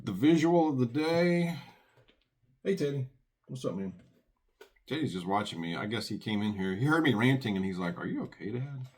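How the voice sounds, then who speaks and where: A man's voice: mid-range voice, animated, moderate pace, long pauses. A man hosting a prepping channel, giving earnest, folksy commentary and reading scripture aloud.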